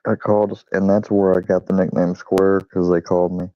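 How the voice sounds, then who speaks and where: A man's voice: low voice, flat delivery, a little fast, no echo. A man hosting his own channel, telling a rambling, profane, self-deprecating story in casual chat. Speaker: channel host. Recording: dull lo-fi recording.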